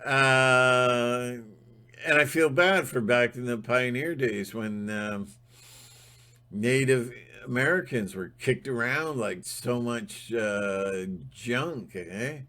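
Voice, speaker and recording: Male channel host, fired-up ranting monologue, unhurried but intense. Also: mid-range voice. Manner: emphatic, fired-up, sometimes shouting.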